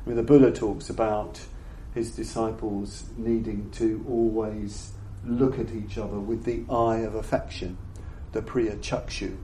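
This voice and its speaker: An older man giving a reflective Buddhist dharma talk to an audience. He speaks in a halting, thoughtful way and often repeats words while he searches for the phrasing. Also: fairly low pitch, flat delivery, mellow. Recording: roomy echo with faint background noise.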